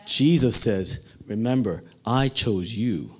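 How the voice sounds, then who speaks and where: A man's voice: lowish voice, slow pace, husky. A man preaching a sermon, asking the listeners questions and acting out the quoted lines. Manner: dramatic, acts out quotes, asks the congregation questions.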